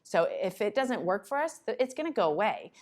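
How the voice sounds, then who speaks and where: A woman giving a conversational conference talk to parents, breaking into quick acted asides. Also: medium pitch, big pitch swings. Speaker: conference presenter on child behavior. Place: conference room.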